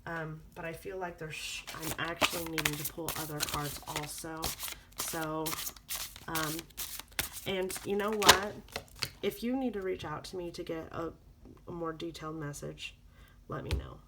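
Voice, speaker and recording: Earnest woman tarot reader, low voice. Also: fairly even intonation, measured pace, very noisy. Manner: earnest, repetitive, coaching tone. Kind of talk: spoken tarot reading to viewers.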